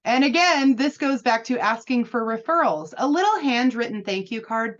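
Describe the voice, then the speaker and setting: A woman's voice: a little high, animated, normal speed, hardly any pauses. A woman coaching new insurance agents in a chatty, upbeat and encouraging way. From United States. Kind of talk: casual advice talk. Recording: slightly dull lo-fi audio.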